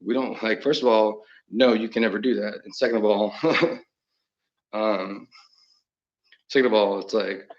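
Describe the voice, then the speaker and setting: A man's voice: fairly low pitch, fairly even intonation, a little slow, long pauses, dull audio. A man talking in a rambling monologue, chuckling often mid-sentence and trailing off into restarts.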